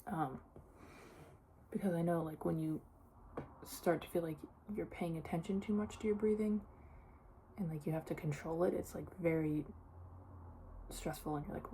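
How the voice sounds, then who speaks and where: Low, mellow-voiced woman chatting casually. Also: moderate pace, long pauses, a little hiss or hum. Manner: chatty, lots of "like" fillers. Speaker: vlogger. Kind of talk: casual personal vlog.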